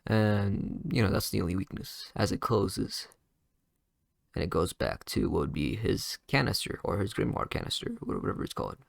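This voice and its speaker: A man's voice: low voice, sing-song, normal speed, vocal fry, no room sound, clean studio sound. A man casually improvising a fan story, rambling with lots of fillers and restarts.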